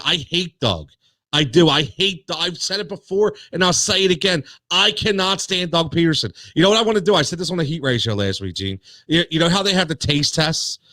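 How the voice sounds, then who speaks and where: A man's voice: high voice, pushed and bright, no room sound. A man hosting a sports talk show, ranting in a heated, worked-up way with many restarts and repeated words.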